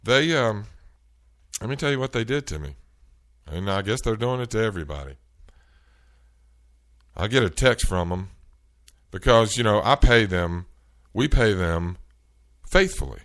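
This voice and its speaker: A man hosting a show, telling an animated, exasperated story in casual chat. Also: fairly low pitch, unhurried. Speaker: show host. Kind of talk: storytelling rant.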